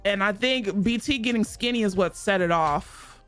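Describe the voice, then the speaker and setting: A woman's voice: mid-range voice, moderate pace, a bit bright, faint music behind. A young woman streaming a game, chatting casually in a blunt, profane way and laughing often.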